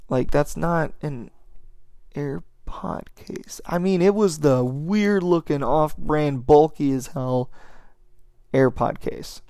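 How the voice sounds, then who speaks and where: A man's voice: on the high side, a little mellow, clear, resonant tone, dry recording, studio quality. A young man hosting a podcast, telling a casual, rambling story and swearing freely. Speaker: podcast host.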